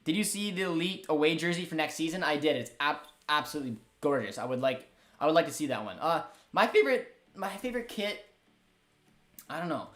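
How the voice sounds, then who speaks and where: A man's voice: fairly high pitch, brisk. A young man hosting a live football watchalong, reacting to the game and reading chat with lots of fillers. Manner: excitable, chatty, frequent fillers. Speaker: host of a football watchalong stream.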